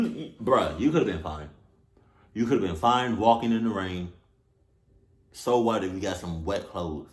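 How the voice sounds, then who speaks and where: Animated low-voiced man in an echoey room. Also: moderate pace, long pauses. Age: 20s. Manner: animated, swears often, bursts of loud exclamation. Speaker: reaction video host. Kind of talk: casual reaction commentary.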